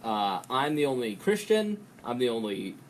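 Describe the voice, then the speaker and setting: A man hosting a podcast, talking in a rambling, profane way and breaking into quick impressions. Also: medium pitch, big pitch swings, a little hiss or hum. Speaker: podcast host. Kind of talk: casual podcast chat.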